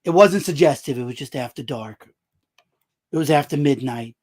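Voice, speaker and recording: Loud, jokey live-stream host, man. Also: mid-range voice, moderate pace. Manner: loud, animated, jokey, answers chat comments aloud. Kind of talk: casual live-stream chat.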